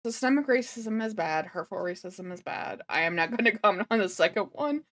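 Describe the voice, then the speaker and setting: A woman livestreamer thinks aloud while reacting to videos. She rambles with plenty of fillers. Her pitch moves around a lot. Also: lively intonation, brisk, a bit bright. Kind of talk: casual reaction stream chat.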